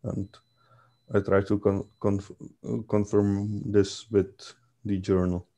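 A male player speaking slowly and hesitantly, with a dark, mellow, even voice. He sounds set back from the microphone. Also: lowish voice. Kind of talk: tabletop game talk.

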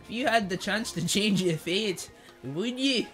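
A young man streaming a kart racing game, chatting in slang, joking, reading chat aloud and yelling at the game. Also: high-pitched, unhurried. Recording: faint game music behind.

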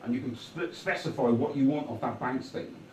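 A man's voice: medium pitch, a little fast, a little mellow, far from the mic. Rambling man in echoey hall. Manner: conversational, keeps checking in with "right?". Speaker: guest speaker. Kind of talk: rambling public talk. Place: meeting hall before an audience. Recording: echoey hall recorded from afar.

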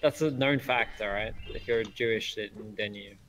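A man's voice: on the low side, moderate pace, a bit bright. A young man in casual, blunt banter with friends during a game race. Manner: blunt, crude banter with many restarts. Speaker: player.

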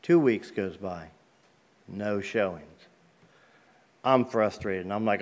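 A man with a fairly low voice gives a personal testimony as a guest speaker in a church. He tells his story in a relaxed, conversational way, with down-to-earth phrasing and everyday grammar. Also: slow pace. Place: church sanctuary.

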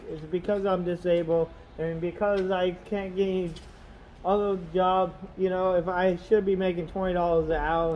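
A man's voice: high-pitched, slight background noise, poor audio. A man vlogging from his car, rambling and aggrieved, full of "you know" fillers. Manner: aggrieved, complaining. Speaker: delivery driver vlogger. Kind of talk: casual vlog rant. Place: in his car on a snowy road.

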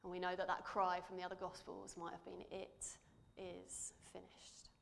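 A woman preaching in church, reading scripture and speaking in a measured, earnest way that drops softly for emphasis. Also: lowish voice, completely flat delivery, creaky, a little hiss or hum.

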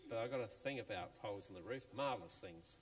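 A man tells a children's Bible story in church in a playful, chatty, animated way. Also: on the low side, quick pace. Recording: long church reverb, faint music.

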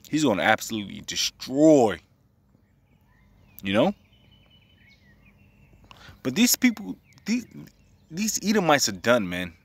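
A man's voice: medium pitch, recorded from a distance, slight background noise. A man giving casual religious commentary, profane and agitated, returning to the same phrases again and again.

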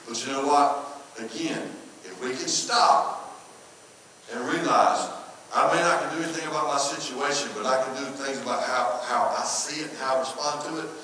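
A man's voice: mid-range voice, a bit bright, slight background noise. A man from North Carolina with a Southern accent, preaching a sermon in a folksy storytelling way and repeating phrases for emphasis. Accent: Southern American. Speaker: pastor. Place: church sanctuary. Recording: echoey church hall from far off.

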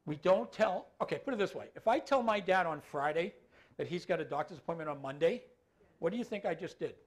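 Middle-aged guy giving a casual talk, keeps asking the crowd "right?", voice on the higher side. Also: expressive, brisk. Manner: conversational, keeps checking in with the audience, tacks on filler phrases. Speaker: dementia care trainer. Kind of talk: talk to an audience.

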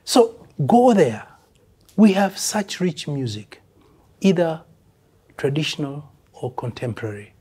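An older Kenyan man with a mellow, slightly husky voice talks bluntly and with emphasis. He sounds like a veteran musician in a relaxed interview, now and then slipping into Swahili phrases. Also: fairly high pitch, takes it slowly, pauses often. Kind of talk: casual interview talk.

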